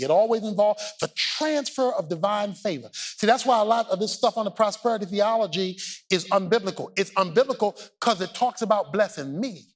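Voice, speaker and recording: A male pastor delivers a sermon in a high, husky voice. His pitch swings widely as he preaches, from measured teaching up to fervent shouting.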